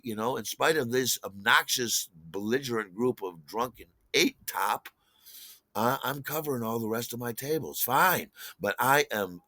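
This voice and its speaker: A man's voice: mid-range voice, no room sound. A man in his sixties telling a personal story casually, rambling with fillers and acting out quotes. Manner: animated, rambling, many fillers and restarts, acts out quotes.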